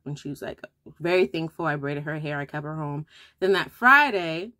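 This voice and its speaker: A young mother speaks to her viewers in a relaxed get-ready-with-me vlog, her voice sitting a little on the low side. She tells a personal story in a loose, conversational way, with fillers and restarts along the way. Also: normal speed, long pauses. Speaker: homeschooling mother and vlogger.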